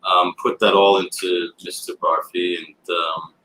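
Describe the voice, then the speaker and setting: A deep-voiced man talking in a loose, rambling way, full of fillers and restarts. He is recorded in a roomy shop space, with a faint hum of noise behind him. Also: unhurried. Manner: relaxed storytelling with filler words and restarts. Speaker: actor and guest. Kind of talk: casual interview chat. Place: comic book shop signing event.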